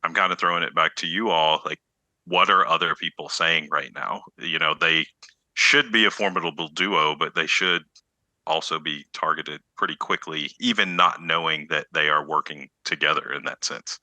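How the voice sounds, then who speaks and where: A man co-hosting a podcast in casual chat, animated and given to exaggerated retellings. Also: extremely low pitch, moderate pace, no room sound, poor audio. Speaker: podcast co-host.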